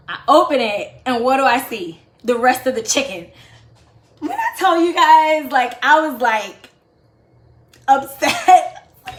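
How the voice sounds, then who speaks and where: A woman's voice: on the high side, a little slow, long pauses. Chatty woman cooking in an echoey kitchen. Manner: chatty, laughing, animated asides to viewers. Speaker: cooking show host. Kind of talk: casual storytelling while cooking. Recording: echoey room with faint background noise.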